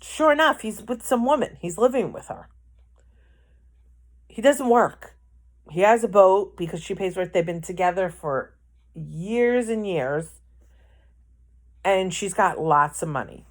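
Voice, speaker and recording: A woman's voice: medium pitch, expressive, unhurried, pauses often. A woman telling a rambling personal anecdote in a casual vlog, correcting herself as she goes. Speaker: vlogger. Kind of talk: casual storytelling.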